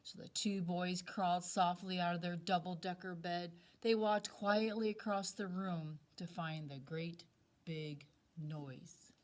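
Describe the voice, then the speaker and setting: A woman, a second-grade teacher, reading a picture book aloud to children in a slow, expressive, dramatic way. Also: fairly low pitch.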